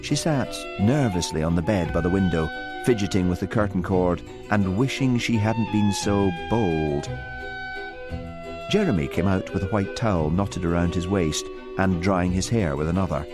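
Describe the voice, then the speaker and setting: A man narrating an audiobook with expressive storytelling. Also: deep voice, moderate pace, music in the background. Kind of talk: scripted narration.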